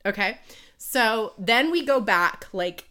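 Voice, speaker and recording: Bright, animated woman recapping a book. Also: on the high side, takes it slowly, clear, resonant tone. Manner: animated, swears freely, laughs often. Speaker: podcast co-host. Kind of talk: casual book recap chat.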